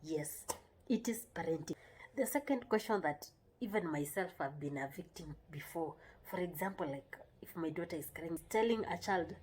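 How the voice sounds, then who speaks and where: A woman's voice: on the low side, moderate pace, a little mellow, slightly rough. A woman talking casually and earnestly about parenting, often repeating herself and checking in with the listener. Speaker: parenting vlogger. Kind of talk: casual advice talk.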